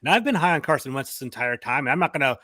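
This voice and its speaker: Male host, quick rambling delivery, dry close mic, casual sports chat. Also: mid-range voice, expressive, pushed and bright, dry recording. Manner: rambling, conversational, fast-talking. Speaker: podcast host.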